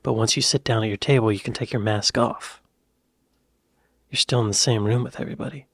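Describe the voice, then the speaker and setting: A man's voice: fairly low pitch, fairly even intonation, a little fast, a bit bright, no echo. An American man with an American accent, hosting a reaction video in a chatty, rambling, easygoing way. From United States. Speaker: reaction channel host. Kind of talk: casual reaction chat.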